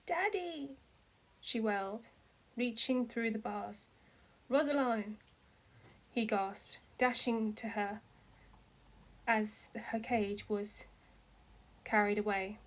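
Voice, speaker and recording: A woman's voice: medium pitch, little pitch movement, slow pace. A woman reading fan fiction aloud, narrating steadily and lifting her voice for the characters' cries. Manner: reads steadily, with voices rising into cries for dialogue. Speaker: fanfiction reader. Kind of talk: amateur read-aloud story narration.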